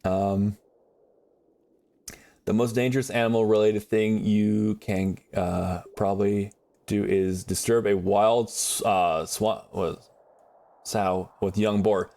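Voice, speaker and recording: A man chatting casually on a live gaming stream, rambling and animated as he reads and answers chat from his viewers. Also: on the low side, slow pace, creaky. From United States.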